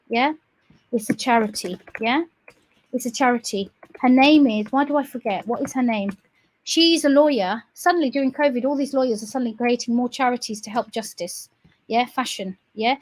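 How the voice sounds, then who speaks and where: A woman's voice: a little high, a little mellow. A woman campaigner speaking straight to viewers in a heated, accusing rant, repeating questions and tagging phrases with "yeah?". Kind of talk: heated direct-to-camera rant.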